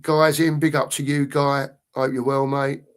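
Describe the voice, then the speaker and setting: A man's voice: mid-range voice, flat delivery, a little slow, clean tone. A middle-aged man talks loosely on a live fan stream and drifts between thoughts. He often stops to read out viewer comments, in an easy, rambling way. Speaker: fan channel co-host. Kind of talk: casual live-stream chat.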